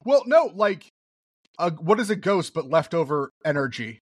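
A man hosting a casual podcast over a call, steering the talk and reacting quickly. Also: fairly high pitch, very animated, breathy edge, no room sound, clean studio sound. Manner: moderating, quick reactions, laughs easily. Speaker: podcast host. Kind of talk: casual chat.

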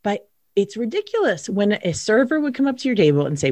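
A woman's voice: mid-range voice, sing-song, brisk, warm tone, dry recording. An American woman hosts a casual podcast interview. She talks in a chatty, playful way with a mid-range voice. The sound is dry and close. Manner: chatty, playful, laughs along. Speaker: podcast host.

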